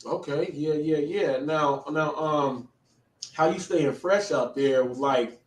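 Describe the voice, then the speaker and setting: A male host with a fairly high voice rambles through a casual interview, full of slang and restarts. He sits away from the mic, and the room rings around his voice. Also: takes it slowly. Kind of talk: casual live-show interview. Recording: echoey, distant from the mic.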